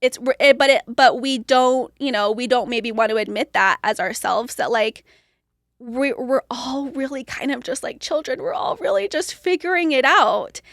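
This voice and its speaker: A woman's voice: sits high, normal speed, fairly bright tone, no room sound, clean studio sound. A young woman talking casually as a podcast guest, chatty and full of "like" fillers. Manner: chatty, heavy use of "like". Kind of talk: casual conversation.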